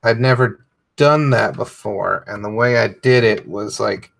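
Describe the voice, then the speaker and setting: Low gravelly man chatting casually. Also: measured pace, a bit bright. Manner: loose and profane, heavy with fillers. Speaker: comedian streaming while coloring. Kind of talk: casual rambling chat.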